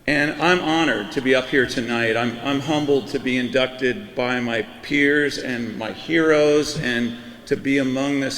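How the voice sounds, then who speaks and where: A man's voice: mid-range voice, fairly bright tone. A middle-aged man from Florida giving a hall of fame acceptance speech, telling a story loosely with lots of fillers. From Florida, US East Coast. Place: ceremony hall on a PA system. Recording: echoey hall with a long reverb tail, faint room noise.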